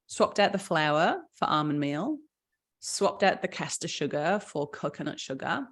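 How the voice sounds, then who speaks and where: A middle-aged woman, chatting enthusiastically through a live session as its founder and health coach. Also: lowish voice. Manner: chatty, enthusiastic, with fillers and frequent laughs. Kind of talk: casual live presentation.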